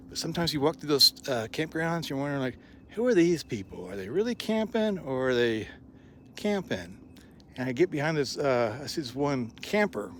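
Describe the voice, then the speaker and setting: A man's voice: mid-range voice, slight background noise. A man telling wry, rambling stories as he walks a forest trail, recording outdoors. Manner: chatty, wry storytelling. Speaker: hiker and vlogger. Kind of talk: rambling walking vlog.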